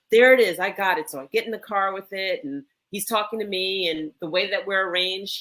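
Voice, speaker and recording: A woman who is a medicine woman, telling an animated, emphatic story in a conversation. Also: lowish voice.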